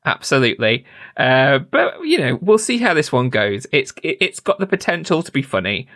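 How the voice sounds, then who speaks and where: A man's voice: mid-range voice, very animated, normal speed, fairly bright tone. A man hosting a casual gaming podcast, upbeat and teasing, often giggling as he talks. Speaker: podcast host.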